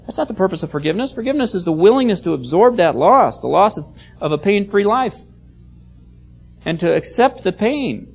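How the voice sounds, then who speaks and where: Lively, emphatic preacher giving a sermon. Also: mid-range voice, fairly quick, gravelly, slightly rough, faint music behind. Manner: emphatic, repeats key phrases; explains Bible words and reads scripture aloud. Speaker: pastor.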